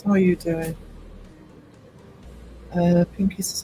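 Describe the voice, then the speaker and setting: A man's voice: fairly high pitch, normal speed, darkish tone, a little hiss or hum, poor audio. A man hosting a live stream, rambling chattily and greeting viewers in chat by name. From United Kingdom. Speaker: livestream host.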